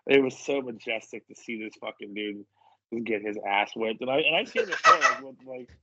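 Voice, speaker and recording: A man's voice: mid-range voice, a little fast, dull audio, heavy background noise. A man telling wrestling stories in casual chat, swearing freely and acting out what people said. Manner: profane, acts out voices in quotes. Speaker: wrestler guest.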